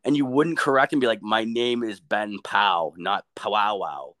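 A young man with a fairly low voice, talking at a moderate pace, tells a crude story in casual chat. He's animated and swears constantly, acting out what people said in funny voices.

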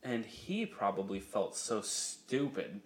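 A young man with a low, gravelly voice tells stories on his podcast, swearing freely and breaking into laughter. His delivery is loose and animated, a casual chat between friends. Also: slow. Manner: profane, laughing, animated storyteller. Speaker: podcast co-host.

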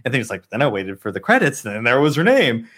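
A male podcast host leads a casual group discussion in a mid-pitched voice. He gushes freely and fills his sentences with "like.". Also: sing-song, fast, fairly bright tone, husky. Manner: gushing, with many "like" fillers.

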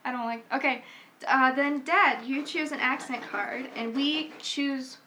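High-pitched giggly young woman. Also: sharp tone, a little hiss or hum. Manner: giggly, explains rules haltingly. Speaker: family game player. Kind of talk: casual family chat.

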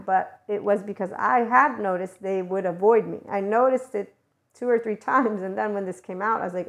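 A woman at normal speed and medium pitch gives a chatty, wandering spiritual monologue as a guidance channeler, with gentle laughter along the way.

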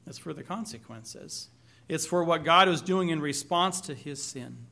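A male pastor delivering a conversational sermon. His voice is bright and forceful, pitched a little high, and he mixes scripture reading with questions to the congregation and light humor. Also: measured pace, creaky.

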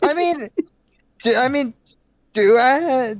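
A woman chats on a loose podcast, laughing and joking at her own expense. She talks slowly, her voice slightly high and lively. The sound is dry and close. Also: dry recording. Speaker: podcast co-host. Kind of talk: casual chat.

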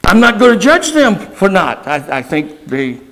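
A male pastor delivering a sermon, moving between casual asides, sudden shouts and slow emphatic stretches. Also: high-pitched, wildly swooping pitch, poor audio.

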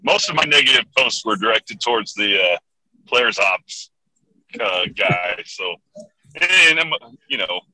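A man's voice: fairly low pitch, animated, unhurried, sharp tone, rough recording. A man chatting casually as a fan on a sports talk show, hesitant and joking. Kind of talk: casual chat.

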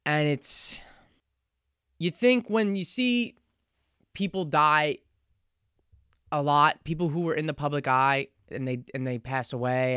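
A man in his twenties talks through a casual solo podcast monologue in an earnest, reflective way, often pausing and restarting his thoughts. His voice is smooth and resonant at an ordinary pitch. The sound is dry, with no room echo. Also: fairly bright tone. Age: 20s. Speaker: podcast host.

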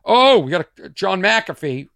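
A man's voice: high voice, big pitch swings, unhurried, gravelly, bright, forceful tone, dry recording, studio quality. A man from Boston hosting his podcast as a casual, rambling monologue full of asides and restarts. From Boston, USA. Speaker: podcast host.

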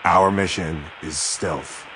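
A man voicing a blunt male Air Force sergeant who gives a brisk, matter-of-fact mission briefing. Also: sits low, voice pushed up. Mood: businesslike. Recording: steady background hiss.

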